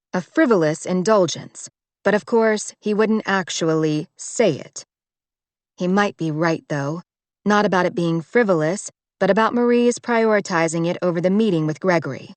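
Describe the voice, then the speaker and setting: A woman narrating a romance audiobook in a measured, even way on a close microphone. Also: on the low side, no echo. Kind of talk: scripted narration.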